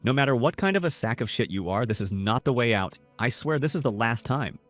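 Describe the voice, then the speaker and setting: A man's voice: mid-range voice, expressive, brisk, soft background music, natural voice. A man voicing a young male necromancer student, anxious and regretful, in plainly read inner monologue. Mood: brooding.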